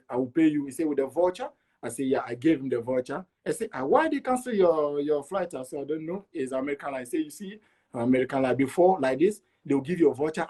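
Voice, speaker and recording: A middle-aged man from Togo, an interview guest, telling his travel story in an animated way and acting out the dialogue. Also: a little high. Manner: animated, acts out dialogue with repeats.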